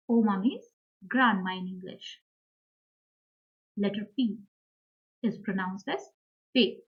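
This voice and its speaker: A woman walks beginners through a lesson very slowly, saying each word twice and pausing with fillers. Her voice sits mid-pitch. The recording is slightly dull and lo-fi. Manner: slow and careful, repeats each word, fillers and small self-corrections. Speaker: language teacher. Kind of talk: slow beginner language lesson.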